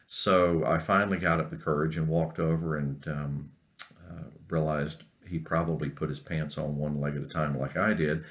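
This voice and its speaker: Very deep-voiced professor. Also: male voice, fairly even intonation. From North Carolina. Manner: unhurried storytelling with many fillers. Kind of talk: recorded class lecture with an anecdote.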